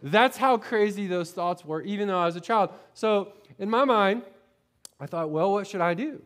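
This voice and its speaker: A high-pitched male pastor from Florida preaching to his congregation. He slips into a chatty storytelling way of talking, stumbling over repeated words and tossing out "right?" to the room. He is middle-aged, and his sermon mixes personal tales with earnest appeals. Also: animated, moderate pace, fairly bright tone. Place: church sanctuary.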